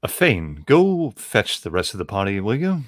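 A man's voice: lowish voice, very animated, normal speed. A man playing in a tabletop game, often speaking in character with dry, bossy banter. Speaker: player.

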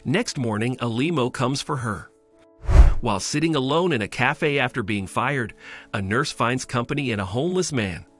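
Male storyteller, steady scripted narration, mid-pitched, light music under. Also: normal speed. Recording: faint music bed.

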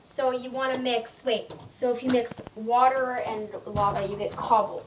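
High-voiced woman, blunt gaming partner. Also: fairly even intonation, normal speed, poor audio. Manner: blunt, teasing. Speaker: co-op gameplay partner. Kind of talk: casual co-op gameplay chat.

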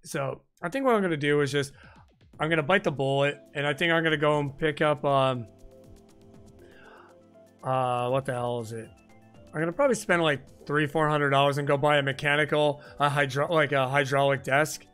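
A man with a high, bright voice chats casually while hosting a gaming stream, rambling and swearing freely. He speaks close to a boom-arm microphone at his home desk. Faint game music plays behind him. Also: moderate pace, smooth. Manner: rambling, profane, frequent "like" fillers. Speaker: live-stream gaming host.

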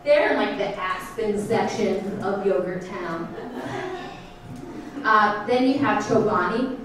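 A woman in her thirties doing a stand-up set in a comedy theater, talking in an animated way and jumping into high, shouty bits. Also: slow, noisy background. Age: 30s. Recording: roomy, distant stage sound with crowd. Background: audience laughter.

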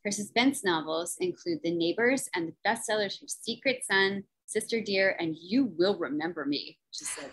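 Hosting a virtual book event over video call, a New Jersey woman acts as moderator, upbeat and talkative, her speech full of fillers. She has a mid-range, slightly bright voice with a breathy edge, speaking at a moderate pace with few pauses, in a low-quality recording.

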